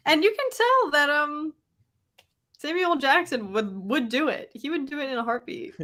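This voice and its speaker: A woman chatting on a podcast, reacting with quick enthusiasm. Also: sits high, lively intonation, bright, forceful tone. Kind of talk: casual chat.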